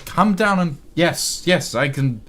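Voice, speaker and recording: A man's voice: a little high, animated, slow, a bit bright, a little hiss or hum, pitched above the performer's own voice. A man voicing a weary, grumpy male elf cleric and scribe who complains with exasperation. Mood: exasperated.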